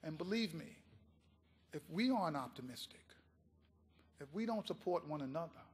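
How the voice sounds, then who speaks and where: A man giving a keynote speech, telling a story in an impassioned, animated way. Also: a little high, moderate pace, husky, in a large hall. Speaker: keynote speaker.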